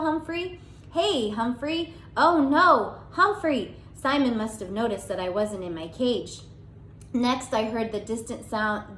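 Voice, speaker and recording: A woman reading a children's chapter book aloud, narrating gently in the first person. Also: medium pitch, reverberant, slight background noise, rough recording. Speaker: audiobook reader.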